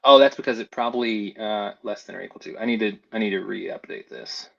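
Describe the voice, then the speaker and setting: On dull-sounding audio, a male FlutterFlow trainer works through a casual screen-share tutorial, building as he thinks aloud and mutters to himself. His voice sits on the low side, brisk, with some vocal fry.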